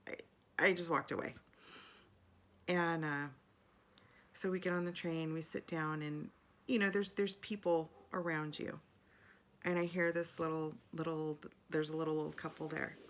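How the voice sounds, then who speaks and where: A woman's voice: deep voice, fairly even intonation, measured pace, pauses often, a bit bright. A middle-aged woman in a casual video journal, telling a personal story in a chatty, rambling way full of fillers and restarts.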